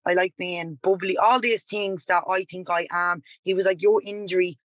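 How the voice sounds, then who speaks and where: A woman's voice: fairly low pitch, moderate pace, no echo, poor audio. A woman in her twenties with a Dublin accent, a podcast guest telling a personal story in a rambling, candid way. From Ireland. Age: 20s. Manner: rambling, animated, repeats "like" and "he was like". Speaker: podcast guest, yoga and dance teacher.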